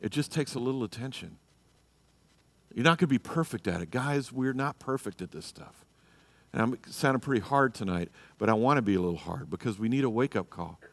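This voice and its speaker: A man's voice: medium pitch, animated, fairly quick, creaky, a bit bright, in a large hall. A man teaching a church marriage class, blunt and exhorting, often checking in with "you know" and "okay?". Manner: acts out quoted people in a raised voice.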